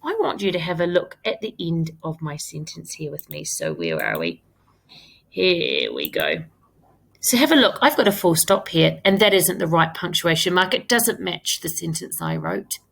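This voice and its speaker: A woman with a slightly low voice teaches a recorded lesson to young pupils. She is encouraging and patient, leaning hard on key words and repeating them so they stick. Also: wildly swooping pitch, moderate pace, creaky, a bit bright. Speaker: primary school teacher. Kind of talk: recorded remote lesson for children.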